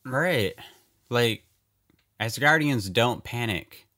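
A man's voice: mid-range voice, lively intonation, very slow, sharp tone. A man co-hosting a casual chat about a movie, laid-back and hesitant, with many fillers. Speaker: podcast co-host.

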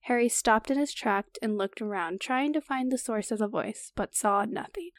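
A woman reading a book chapter aloud on a podcast, pausing to comment and laugh. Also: a little high, dry recording, clean studio sound. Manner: reads steadily, stops to comment and laugh. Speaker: podcast co-host.

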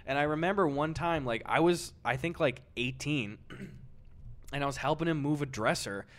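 A man's voice: a little high, moderate pace. A young man co-hosting a podcast, telling easygoing stories with a chuckle in his voice. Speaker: podcast co-host. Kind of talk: casual chat.

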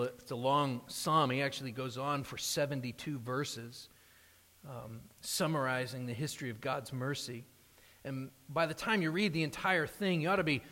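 Man, pastor, earnest sermon, restarts phrases, slightly high voice, long hall reverb. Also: fairly bright tone. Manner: earnest preaching, rising emphasis, frequent restarts.

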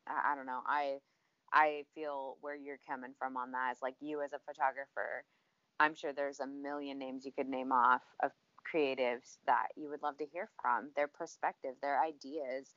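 A woman's voice: rumbling low, fairly bright tone, no echo. A woman co-hosting a podcast, enthusiastic and gushing in casual chat. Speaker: podcast co-host. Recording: dry, dull lo-fi sound.

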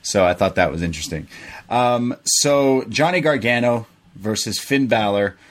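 A man's voice: medium pitch, expressive, moderate pace. A man from Canada co-hosting a podcast, casually recapping a wrestling show play by play. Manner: chatty, recaps events play by play. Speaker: podcast co-host. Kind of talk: casual wrestling review chat.

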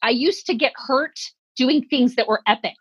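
A woman in her forties telling comic stories about aging, animated and self-deprecating, acting out little quotes. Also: sits high, normal speed, slightly rough, dry recording, lo-fi sound. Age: 40s. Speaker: comedian guest. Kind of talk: comedic storytelling in conversation.

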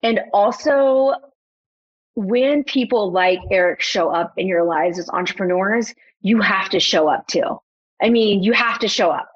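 A young adult woman, a photographer and podcast guest, telling a personal story in a lively, casual way and acting out her own past thoughts. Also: medium pitch, a little slow, breathy edge, dull audio. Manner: animated storyteller, quotes herself.

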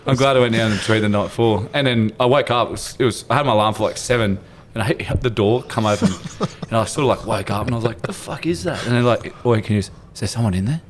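A man's voice: fairly low pitch, fast talker, slight background noise. A man, co-hosting a casual podcast, telling stories with swearing and frequent laughter. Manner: animated storyteller, swears, laughs a lot. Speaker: podcast co-host. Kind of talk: casual chat.

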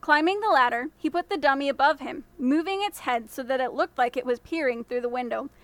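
A woman podcast storyteller reading a fairy tale in a measured, expressive way. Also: sits high, no room sound. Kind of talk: scripted fairy tale narration.

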